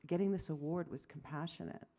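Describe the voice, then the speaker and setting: A woman in her fifties, a physician giving an award lecture, telling animated stories, acting out conversations and making self-deprecating asides. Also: low voice, a little fast. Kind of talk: lecture to medical audience.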